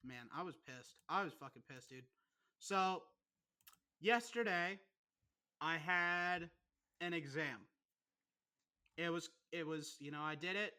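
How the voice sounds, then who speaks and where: A young man holds forth on a casual podcast, cursing in nearly every sentence as he builds a rant. His voice is bright and forward, and his delivery stays animated and aggrieved. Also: on the high side, takes it slowly, long pauses, smooth. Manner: swears constantly, ranting, animated. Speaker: podcast co-host.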